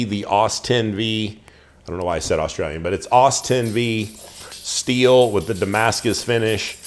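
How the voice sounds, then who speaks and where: A man hosting a show, giving a casual, chatty product review full of ums and restarts. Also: on the low side. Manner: chatty, filler-heavy, restarts sentences.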